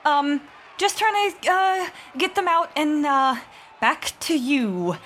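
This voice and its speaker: A woman player in a tabletop game, talking slowly and haltingly with lots of fillers. Her voice is very high and bright. There is faint noise in the background. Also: big pitch swings. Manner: hesitant, full of fillers and swearing, laughing.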